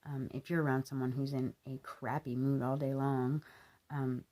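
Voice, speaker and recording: A woman's voice: extremely low pitch, little pitch movement, moderate pace, dark tone. A woman in her thirties talking to camera in an earnest, rambling way, with lots of fillers. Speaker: vlogger. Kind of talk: casual monologue to camera.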